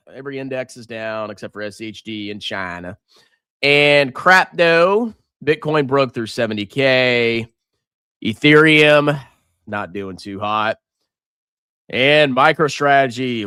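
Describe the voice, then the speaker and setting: Male stream host, 30s, bright, very expressive, dry close sound. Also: mid-range voice, a little slow, clear, resonant tone, no room sound. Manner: animated, jokey, reacts loudly to price moves. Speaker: finance livestream host. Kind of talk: casual market livestream.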